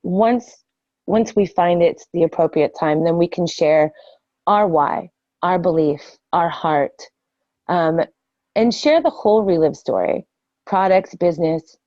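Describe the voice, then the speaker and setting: An older woman giving an earnest, casual training talk on network marketing, often pausing with ums and restarting her sentences. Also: fairly low pitch, warm tone, dry recording. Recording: dull lo-fi dry sound.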